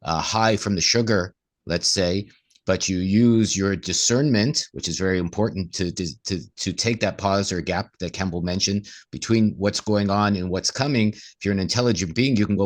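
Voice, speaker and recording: A man's voice: sits low, normal speed. A man, co-host of a casual discussion, who often acts out inner voices in quoted asides.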